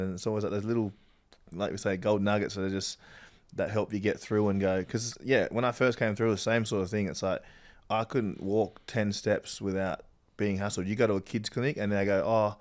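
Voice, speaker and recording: An Australian man from Western Australia, a footballer guest telling stories in casual chat and laughing often. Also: fairly low pitch. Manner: chatty storyteller, laughs often.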